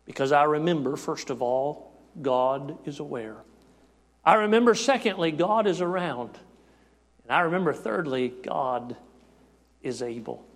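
A man preaching a sermon in rhythmic, repeating phrases, rising to shouts and dropping to hushed tones. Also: animated, a little slow, long pauses. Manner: rhythmic repetition, swinging between shouted peaks and hushed lows. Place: church sanctuary. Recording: long reverb of a church hall.

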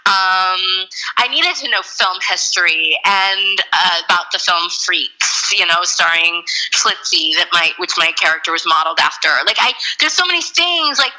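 A woman actress chatting casually in an interview, full of fillers and quick laughs. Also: fairly low pitch, expressive, sharp tone, low-quality recording. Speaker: actress, guest.

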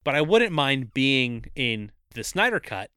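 A man's voice: medium pitch, very animated, measured pace, pushed and bright, clean tone, no echo, studio quality. A man co-hosting a podcast in casual chat, playful as he reads trivia aloud. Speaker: podcast co-host.

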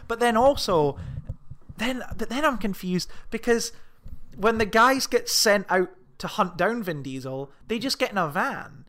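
A man's voice: high-pitched, lively intonation, measured pace, a bit bright. A man co-hosting a casual film podcast, rambling off on tangents and laughing often. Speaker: podcast co-host.

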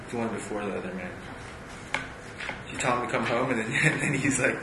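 A man's voice: mid-range voice, brisk, pauses often. A man talking casually about a book, rambling with lots of fillers and reading passages aloud. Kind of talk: casual chat. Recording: echoey room with steady background noise.

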